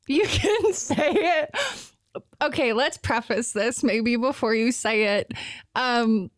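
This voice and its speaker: A woman's voice: a little high, slow, no room sound. Giggly, candid young woman host. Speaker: podcast host. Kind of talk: casual chat.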